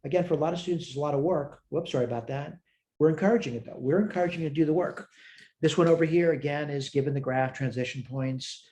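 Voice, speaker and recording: A math instructor with a slightly high, dark-toned male voice speaks quickly. Sounding tired, he works problems aloud in a recorded lecture, catching his own errors and answering questions he poses himself.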